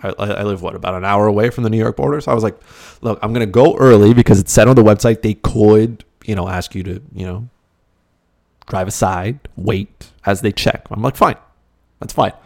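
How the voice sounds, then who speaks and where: A Canadian podcast host, talking in a rambling, conversational way with lots of fillers. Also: male voice, fairly low pitch, a little fast, vocal fry, darkish tone, no room sound, studio quality. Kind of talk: casual monologue.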